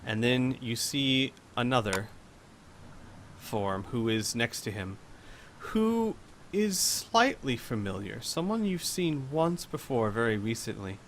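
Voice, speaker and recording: A man in a middle register narrates the game as its master, slow and deliberate. He sets each scene dramatically, and a faint hiss of noise sits behind his voice. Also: mid-range voice, expressive.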